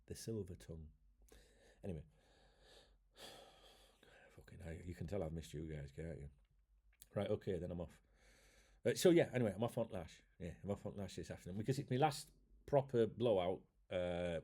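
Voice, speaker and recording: An Englishman hosting a YouTube channel chats casually with his viewers, rambling, joking and swearing freely. His voice is on the low side with a darkish tone.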